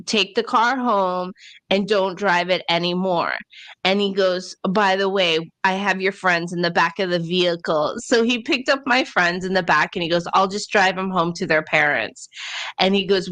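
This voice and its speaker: A woman co-hosting a podcast, telling a story in a casual, animated way with laughs and acted-out quotes. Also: mid-range voice. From Ontario, Canada. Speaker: podcast co-host.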